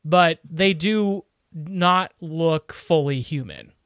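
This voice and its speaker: Rambling, joking man with a slightly high voice. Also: takes it slowly, fairly bright tone, dry recording, clean studio sound. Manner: rambling, joking, many restarts and fillers. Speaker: podcast co-host. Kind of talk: casual chat.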